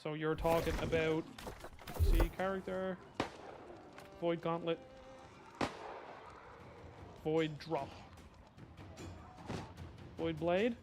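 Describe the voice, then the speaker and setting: A man's voice: on the high side, flat delivery, extremely slow, long pauses. Sarcastic Irish man playing a game. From Ireland. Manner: chatty, sarcastic, muttering asides. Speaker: gaming streamer. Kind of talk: casual gameplay commentary. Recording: voice over loud game music.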